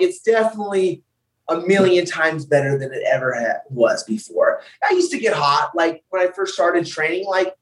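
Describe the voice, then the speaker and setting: A young man, a wrestler, telling wild road stories on a podcast in a loud, profane, animated way. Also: high voice, distant mic, rough recording. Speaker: wrestler guest. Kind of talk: casual podcast storytelling.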